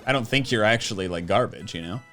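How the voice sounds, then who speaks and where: A man's voice: fairly low pitch, fast talker, a bit bright, faint music behind. A young man co-hosting a casual gaming chat, easygoing and rambling with lots of fillers. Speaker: co-host of a gaming channel.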